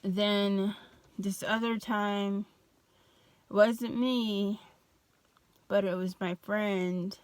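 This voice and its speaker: Flat, slow-talking young woman vlogger. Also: mid-range voice, clear, resonant tone. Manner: loose, with many fillers and restarts; slow, even, flat delivery. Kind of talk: casual storytelling.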